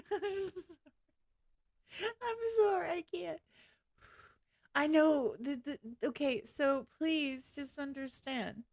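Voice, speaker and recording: A middle-aged woman hosting a live-stream reaction, blunt and excitable, bursting into laughter often. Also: fairly high pitch.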